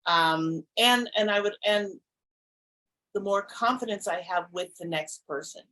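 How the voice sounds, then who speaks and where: A woman's voice: mid-range voice, unhurried, a bit bright, low-quality recording. A woman hosting a podcast, talking earnestly and reflectively, often restarting her sentences. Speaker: podcast host. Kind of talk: casual conversation.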